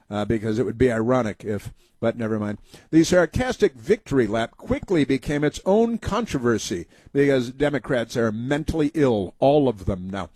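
A man's voice: mid-range voice, darkish tone, no echo. A man hosting a talk radio show, delivering a sarcastic, mocking monologue full of filler "uh"s into a studio microphone.

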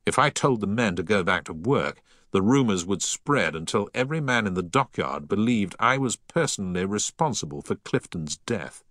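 A man reading a story aloud in the first person, with a deep but bright, forward tone. His pitch moves expressively through the sentences, recorded close and dry. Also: animated, moderate pace, few pauses, no echo. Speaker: narrator. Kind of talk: audiobook narration.

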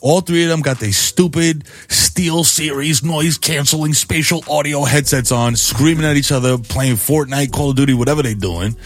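A middle-aged man hosting a morning radio show, riffing in an animated, playfully preachy way. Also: fairly high pitch, moderate pace, hardly any pauses.

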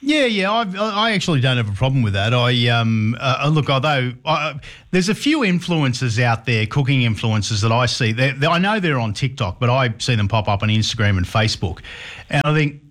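A man's voice: mid-range voice, animated, normal speed, a bit bright. A middle-aged man hosting a radio show, chatting casually with wry asides and hesitant restarts. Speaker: radio host.

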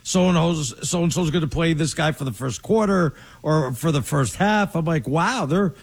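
A husky-voiced man co-hosting casual sports talk. His pitch sits a little high for a man. He rambles, restarts often and pushes his opinions hard. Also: moderate pace. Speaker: podcast co-host.

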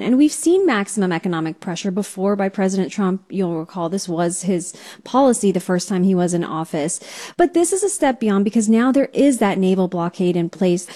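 A woman international correspondent answering a news host's questions in a measured, explanatory way. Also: mid-range voice, mellow.

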